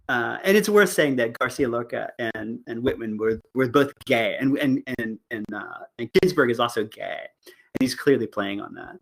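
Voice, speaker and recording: A middle-aged man giving a casual college lecture, halting with many fillers and often laughing as he reads and jokes. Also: medium pitch, expressive, fairly bright tone, rough recording. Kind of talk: casual online class lecture.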